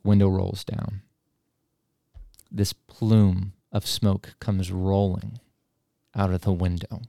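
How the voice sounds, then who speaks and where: A man telling a story in a relaxed, casual way and chuckling now and then at his own tale. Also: deep voice, slow, vocal fry, no echo, clean studio sound.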